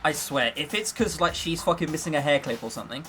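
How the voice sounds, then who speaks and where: A man's voice: on the high side, fairly quick, hardly any pauses, fairly bright tone, soft background music. A man streaming a visual novel, giving chatty, joking commentary and swearing freely. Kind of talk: casual let's-play commentary.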